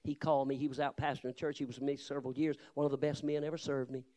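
A man preaching a Baptist sermon, telling folksy stories and moving from low, confiding tones to loud, shouted rebukes. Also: little pitch movement, very fast. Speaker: Baptist pastor. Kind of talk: fiery storytelling sermon.

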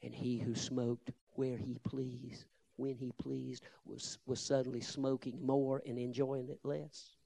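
A man preaching a Baptist sermon, telling folksy stories and moving from low, confiding tones to loud, shouted rebukes. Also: flat delivery, takes it slowly, vocal fry, few pauses, husky. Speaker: Baptist pastor. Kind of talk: fiery storytelling sermon.

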